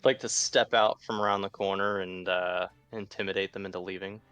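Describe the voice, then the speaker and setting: A man's voice: deep voice, steady tone, brisk, a bit bright, clean tone, no room sound, muffled recording, faint music behind. A man speaking bluntly and matter-of-factly as a player in a tabletop role-playing game. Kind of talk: casual role-play as a player character.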